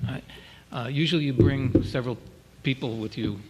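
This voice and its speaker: A man chairing a zoning hearing in an easygoing, halting way. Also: mid-range voice, heavy background noise. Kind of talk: public hearing.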